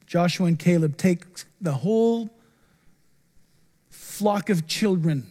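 A middle-aged male pastor preaching a sermon in an animated, joking way. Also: high-pitched, takes it slowly, long pauses. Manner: animated, joking, acts out quoted voices.

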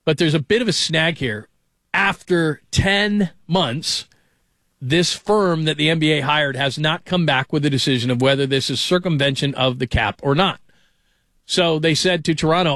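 A man's voice: a little high, moderate pace, a bit bright, dry recording. A man hosting a sports talk radio show, chatting casually and rambling between stories from a studio.

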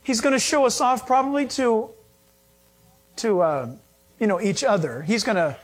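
A male pastor preaching a sermon, animated and acting out little scenes with humor. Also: very high voice, normal speed.

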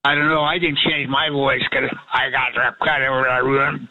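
An eighty-two-year-old man calling in to a radio show, rambling warmly and praising the hosts. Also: mid-range voice, little pitch movement, normal speed. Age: 80s. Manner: warm, rambling, effusive praise. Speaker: caller. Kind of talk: phone call to a radio show. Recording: dull phone line.

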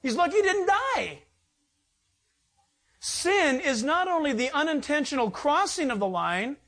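A man's voice: very high voice, sing-song, unhurried, fairly bright tone. Male pastor preaching, emphatic and chatty, lots of rhetorical questions. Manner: emphatic, conversational preaching with asides. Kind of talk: sermon.

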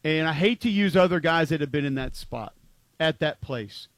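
A man's voice: a little high, animated, normal speed, a bit bright, no room sound. Emphatic man talking football, dry sound. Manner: rambling, frequent "like" fillers, emphatic. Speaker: co-host of a football talk show. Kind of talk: casual sports chat.

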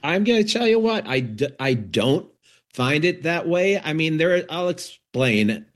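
Lively-voiced man chatting with many restarts. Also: a little high, measured pace. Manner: chatty, laughing, frequent fillers and restarts. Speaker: guest actor. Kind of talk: casual interview conversation.

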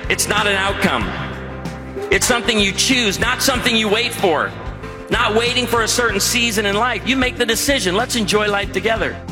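A man in his forties giving a humorous live talk, energetic and joking, often shouting punchlines. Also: high-pitched, normal speed, music in the background. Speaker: speaker. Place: large hall with live audience. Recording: echoey hall, faint noise.

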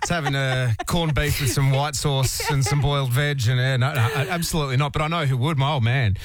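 A man's voice: medium pitch, a little fast, crowd noise. A man with an Australian accent co-hosting a radio show in casual, jokey banter. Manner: jokey, animated, laughs often. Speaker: radio co-host.

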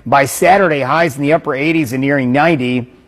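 A man presenting a local TV weather forecast in a brisk, upbeat way. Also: medium pitch.

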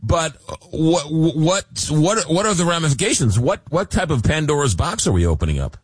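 A man's voice: a little high, sing-song, normal speed, slightly rough, no echo. A man hosting a late-night radio talk show, joking and stumbling over repeated words and fillers.

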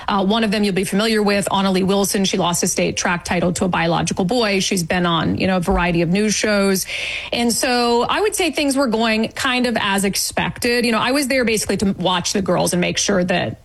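A woman guest recounting an event in an interview, indignant and animated, acting out quoted remarks. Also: medium pitch, fairly quick, slightly rough, poor audio. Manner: indignant, storytelling with quoted asides. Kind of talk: animated eyewitness account.

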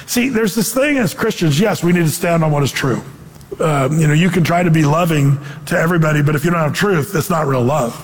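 A man preaching a conversational sermon as pastor, animated and acting out quotes in voices. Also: high voice, big-room sound.

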